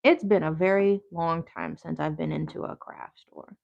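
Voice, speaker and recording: A woman's voice: sits low, fairly even intonation, normal speed, creaky, lo-fi sound. A woman hosting a casual livestream while she crafts, rambling in slang and talking back to her chat. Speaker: yoga therapist and crafter, livestream host.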